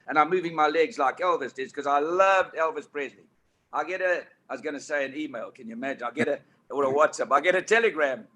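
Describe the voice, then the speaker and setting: An older man with a South African accent, a guest telling stories on a talk panel in an animated, emphatic way. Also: a little high, brisk. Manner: animated anecdotes, emphatic and preachy.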